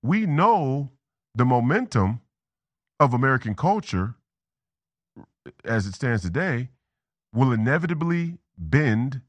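A man's voice: medium pitch, sing-song, takes it slowly, pauses often, no echo. A man hosting a political talk show, delivering a rambling commentary monologue, repeating and restarting words and drifting into tangents. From Minnesota.

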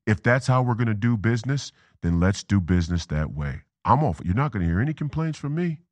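Guy ranting on his political show, lowish voice that jumps all over, keeps repeating himself, dry close sound. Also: lively intonation, fast talker, no room sound. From Minnesota. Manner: rambling, repeats words, goes off on tangents. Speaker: political talk show host. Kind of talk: political commentary monologue.

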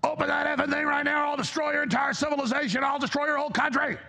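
A man doing an impression of a politician, pitched well above his own voice and shouting threats. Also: fairly even intonation, fast, creaky, exaggerated voice. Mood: ranting.

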